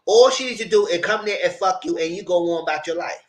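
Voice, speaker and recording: A man's voice: sits high, fast. A man hosting a casual live recap of reality TV. He talks bluntly and profanely and laughs often. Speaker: channel host reviewing reality TV.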